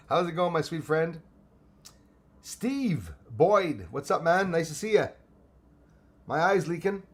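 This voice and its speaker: A man's voice: on the high side, husky. Casual Canadian man greeting live viewers. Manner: greets viewers by name, switches into French. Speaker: live-stream host. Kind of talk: casual live-stream chat.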